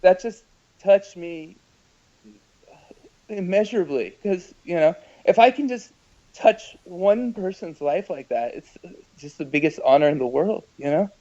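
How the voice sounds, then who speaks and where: A man, an actor and screenwriter, giving emotional, halting interview answers and often repeating his words. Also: sits high, lively intonation, mellow, highs cut off.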